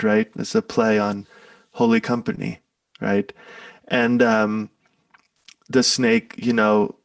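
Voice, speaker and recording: A man's voice: medium pitch, gravelly, dry recording, far from the mic. A man talking as an interview guest in a casual spiritual conversation, telling stories loosely and tagging his lines with "right?" and "you know".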